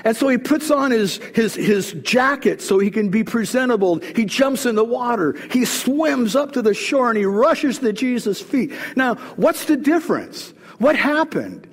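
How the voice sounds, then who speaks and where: A pastor delivers a sermon with a high, light male voice. He retells scripture in plain, casual words. The sound carries a long reverb, as in a large hall. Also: expressive, normal speed, hardly any pauses.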